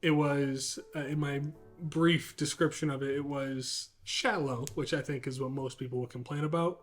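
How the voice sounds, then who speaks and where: A man's voice: fairly high pitch, fairly even intonation, normal speed, faint music behind. A man co-hosting a casual podcast, talking in a rambling, enthusiastic way with lots of fillers. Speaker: podcast co-host. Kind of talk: casual chat.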